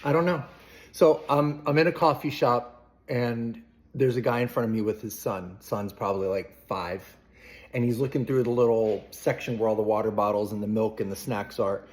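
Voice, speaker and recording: A man's voice: lowish voice, fairly even intonation, moderate pace. A man casually telling a rambling, chatty anecdote to the camera, with playful asides. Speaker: vlogger.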